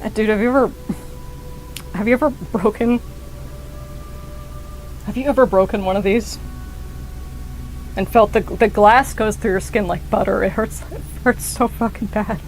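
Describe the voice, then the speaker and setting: A young woman streaming a game, talking in a rambling, excitable way and swearing often. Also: medium pitch, moderate pace, pauses often, soft background music, rough recording. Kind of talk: casual gameplay commentary.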